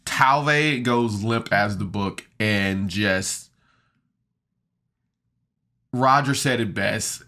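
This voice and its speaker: A man recaps a tabletop game episode on a podcast, chatty and enthusiastic, laughing and using fillers. His voice sits on the low side, pushed and bright, and he speaks slowly.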